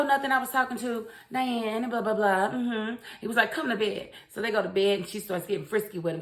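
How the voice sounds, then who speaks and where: A woman recapping a series in a casual, opinionated way, acting out the characters' lines as she tells it. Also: mid-range voice. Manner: animated, opinionated storytelling with acted-out quotes. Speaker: show recap reviewer.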